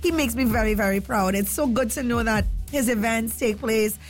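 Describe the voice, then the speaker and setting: A woman with a Trinidadian accent hosts a casual morning radio chat. Her voice sits a little high, and she talks in an excitable, emotional way with plenty of laughter. Faint music plays underneath. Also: moderate pace. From Trinidad and Tobago. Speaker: radio show host.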